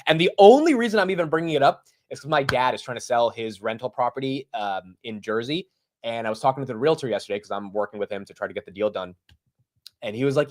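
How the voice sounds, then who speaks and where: A young man hosts a live stream in a loose, chatty way, calling out viewers by name. His talk is casual and full of filler words like "dude" and "like". He sounds relaxed and familiar with his audience. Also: medium pitch. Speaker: host of a live stock market show. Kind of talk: casual livestream chat.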